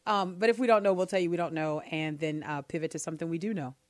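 A woman's voice: fairly low pitch, fairly even intonation, fast, no echo. Female talk radio co-host, casual and emphatic, dry studio mic. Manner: emphatic, repeats words when worked up.

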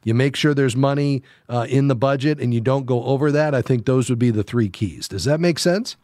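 Man, radio host, dry studio sound, steady mid voice, patient and reassuring with callers. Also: medium pitch, brisk, no echo. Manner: friendly, reassuring, explains step by step. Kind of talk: call-in radio advice show.

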